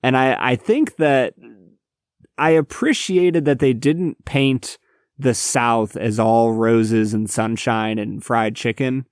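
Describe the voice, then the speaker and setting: A man's voice: mid-range voice, slow pace, no room sound, studio quality. A young adult man co-hosting a podcast in a laid-back, reflective way, calling his friend man and dude. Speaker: podcast co-host. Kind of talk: casual chat.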